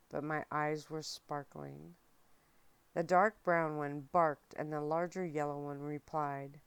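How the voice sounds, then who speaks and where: Slow, low-voiced woman reading softly. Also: clean tone, no echo. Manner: soft, steady, unhurried narration. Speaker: audiobook reader. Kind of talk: soft ASMR book reading.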